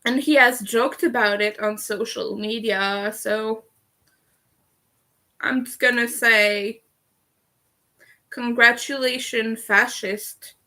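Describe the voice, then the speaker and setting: A woman's voice: on the high side, steady tone, slow pace, pauses often, sharp tone. A Canadian woman hosting a casual livestream while she crochets, chatty, laughing often and swearing casually. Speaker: livestream host.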